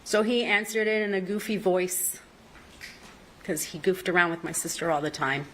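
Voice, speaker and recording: A woman with a lowish, fairly even voice speaks at a moderate pace, her tone a bit bright, on a low-quality recording with a little hiss or hum. She's a trial witness in a courtroom, recounting events at length and quoting what others said. Emotional, she apologizes through tears.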